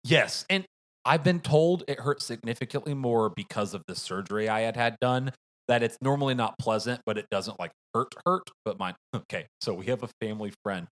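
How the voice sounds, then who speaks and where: A man co-hosting a casual movie review podcast, telling stories with lively acted-out bits. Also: medium pitch, moderate pace. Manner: animated storyteller, acts out voices. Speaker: podcast co-host.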